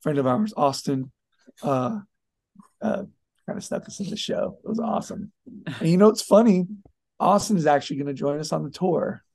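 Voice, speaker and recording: A man's voice: fairly high pitch, lively intonation, normal speed, gravelly, darkish tone. A man who plays in a band, chatting casually as a guest and telling stories with enthusiasm. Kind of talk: casual chat.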